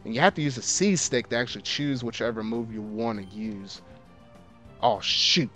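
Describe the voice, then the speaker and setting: A man hosting a let's play of a video game, grumbling in casual slang and breaking into loud, exasperated outbursts as the battle turns against him. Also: mid-range voice, normal speed, faint music behind. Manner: casual slang, repeats himself. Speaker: gaming video host.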